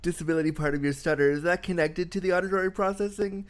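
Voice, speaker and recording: A man's voice: high-pitched, quick pace. A man hosting a casual interview who talks frankly, swears freely and fills his speech with "like". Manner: frank and blunt, swears, fills with lots of likes.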